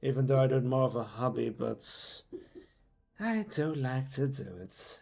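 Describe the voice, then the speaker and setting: A man's voice: medium pitch, measured pace, gravelly, darkish tone. A man chatting casually on a live stream, rambling playfully with lots of fillers as he talks about his voice-acting hobby.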